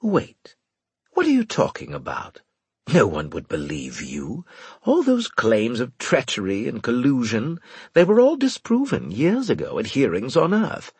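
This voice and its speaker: A man's voice: mid-range voice, huge pitch swings, a little slow, darkish tone, husky, no room sound, voice pushed up, full character voice. A man voicing a snide, scheming male senior officer in an audiobook, sneering and clipped. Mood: alarmed. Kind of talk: audiobook character voice.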